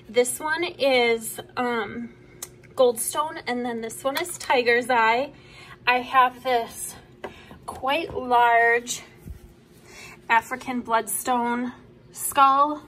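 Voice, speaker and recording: A young woman, chatting casually and enthusiastically as she shows off her collection at home, sometimes dropping to soft asides. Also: a little high, slight background noise. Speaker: vlogger. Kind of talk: casual show-and-tell. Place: home room.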